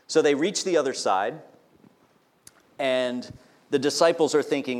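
A male pastor delivers a sermon that explains scripture and poses questions to the congregation in a teaching manner. His voice is medium in pitch with a measured pace.

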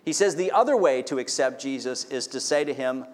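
A man's voice: medium pitch, lively intonation, brisk, few pauses. A man preaching a sermon as pastor, explaining scripture and asking the congregation questions. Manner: teaching, asks the congregation questions.

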